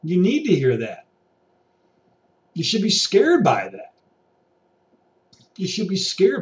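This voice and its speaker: A man on an exasperated, preachy rant, pacing a room as he talks. His voice sits on the higher side and lands a little distant from the mic. He drops to mutters, then climbs into raised, pointed outbursts. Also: huge pitch swings, takes it slowly, pauses often. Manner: paces about while talking. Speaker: vlogger. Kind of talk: ranting monologue to camera. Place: indoor room.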